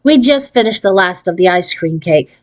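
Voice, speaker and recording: A woman reading a children's chapter book aloud in a steady narrating voice. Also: lowish voice, normal speed, no room sound. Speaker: storyteller.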